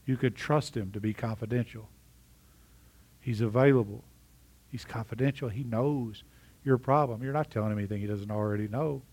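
A man's voice: mid-range voice, moderate pace, a little mellow. A middle-aged man preaching a sermon in a conversational way, often asking his congregation questions. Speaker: pastor.

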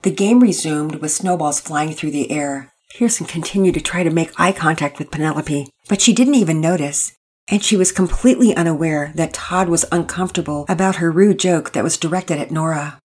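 Brief: woman storybook narrator, low-pitched, husky, lively intonation. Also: normal speed. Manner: expressive, even storytelling. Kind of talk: storybook reading.

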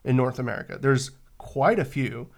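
A man's voice: mid-range voice, normal speed. A man with a San Francisco Bay Area accent, co-hosting a podcast in casual chat, explaining at length with many fillers and restarts. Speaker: podcast co-host.

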